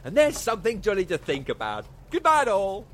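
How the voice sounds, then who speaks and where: A man's voice: high voice, huge pitch swings, a little fast, slight background noise, pitched below the performer's own voice. A man doing a sneering, snooty aristocrat. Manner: sneering, haughty. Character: snooty, scornful aristocrat relative. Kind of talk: comedy audio drama acting.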